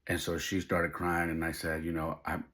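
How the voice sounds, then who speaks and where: Telling a personal story on his podcast, a middle-aged host is emotional, heartfelt, and driven by faith. His deep voice is a bit bright but monotone, delivered at a moderate pace.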